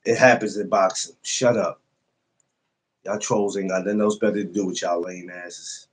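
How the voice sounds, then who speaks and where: A man's voice: low-pitched, fairly even intonation, moderate pace. A man hosting a casual podcast livestream, greeting viewers by name and talking loosely, with profanity and frequent laughs. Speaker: podcast host greeting live chat.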